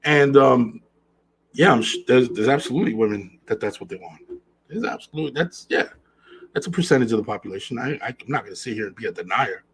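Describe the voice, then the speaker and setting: Podcast host, male, slightly husky, earnest solo chat that repeats key lines. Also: mid-range voice, animated, fast talker, poor audio. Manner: earnest, repeats phrases for emphasis. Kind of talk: casual monologue.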